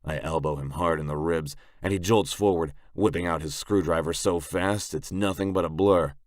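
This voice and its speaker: A man reading a first-person audiobook narration in a gruff, blunt, brooding manner, close on the mic. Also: low voice, normal speed, no room sound.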